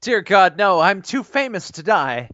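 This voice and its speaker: A man doing a shrill, vain pop star. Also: huge pitch swings, moderate pace, fairly bright tone, no room sound, highs cut off, full character voice. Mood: haughty. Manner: shrieking, self-important.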